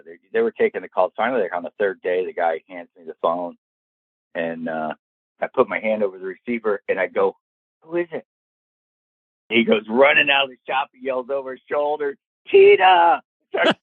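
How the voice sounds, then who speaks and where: An older man with a fairly low voice tells a story as an interview guest, and his pitch rises and falls a lot as he acts out what each person said. He comes through a tinny, dry phone-like line. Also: dry recording. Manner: lively, acts out quoted lines in the story. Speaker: golf professional guest.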